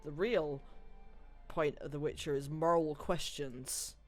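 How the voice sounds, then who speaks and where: A woman's voice: low-pitched, fairly even intonation, slow, darkish tone, faint music behind. A woman streaming a video game, chatting casually and rambling as she plays, swearing and laughing at her mishaps. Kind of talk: casual gameplay commentary.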